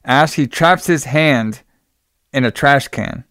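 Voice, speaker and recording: A man chats through a film plot in a loose, rambling way, full of fillers and casual swearing. His voice is smooth and clear, recorded close and dry with no room sound. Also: medium pitch, slow pace, a bit bright, no echo. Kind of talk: casual movie recap chat.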